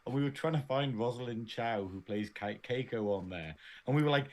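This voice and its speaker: A man's voice: mid-range voice, fairly quick, few pauses. Giggly rambling English man. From Northern England. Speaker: podcast co-host. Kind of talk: casual review chat.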